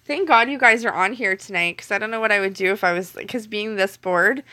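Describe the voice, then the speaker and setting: Young Canadian-accented woman, bright tone, mid-range pitch, chatty late-night streamer who laughs a lot. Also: a little fast. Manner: chatty, laughs often, teasing chat viewers. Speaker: live streamer. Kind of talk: late-night casual live stream chat. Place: home kitchen at night.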